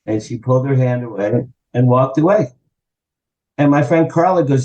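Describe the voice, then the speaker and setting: A man from New Jersey in his sixties, telling an animated anecdote as a guest on an interview show and acting out the quotes. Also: mid-range voice, moderate pace, poor audio. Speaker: guest, publicist and author. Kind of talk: storytelling in an interview.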